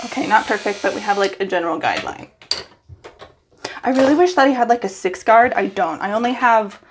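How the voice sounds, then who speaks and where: A woman's voice: mid-range voice, animated, fairly quick, background noise. A young woman hairstylist talking to her phone in her bathroom, nervous and giggly as she chats to herself. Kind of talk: casual vlog self-talk. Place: bathroom at home.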